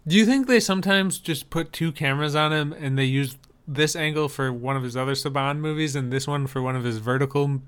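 Smooth-voiced man joking on a podcast. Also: on the high side, a little fast, hardly any pauses. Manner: joking, speculative. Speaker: podcast co-host. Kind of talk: casual chat.

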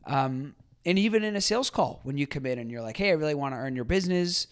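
A man's voice: fairly high pitch, animated, fast talker, clear, resonant tone. A man hosting a podcast, talking casually and reflectively with many fillers and restarts. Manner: acts out quoted people in a livelier voice. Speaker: podcast host. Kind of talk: casual solo commentary.

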